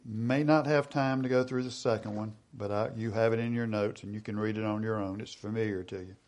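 Speaking on the low side with a steady, slightly mellow tone, a middle-aged pastor delivers a sermon. He reads from scripture, asks his congregation questions, and eases his pace to stress key points.

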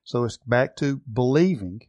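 A man's voice: medium pitch, animated, a little mellow, no echo. A man preaching a sermon, teaching earnestly from the Bible and leaning hard on key words. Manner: earnest, emphatic Bible teaching with slow stressed phrases.

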